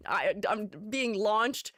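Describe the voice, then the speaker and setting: A woman's voice: mid-range voice, drawn-out words, fairly bright tone, no room sound, clean studio sound. A woman VTuber streaming, chatting casually and playfully, often giggling and talking to herself. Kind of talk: casual livestream chat.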